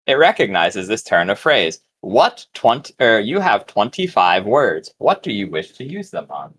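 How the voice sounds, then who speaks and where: A man running a tabletop game as game master, unhurried and laughing often. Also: on the low side, big pitch swings, a bit bright, a little hiss or hum.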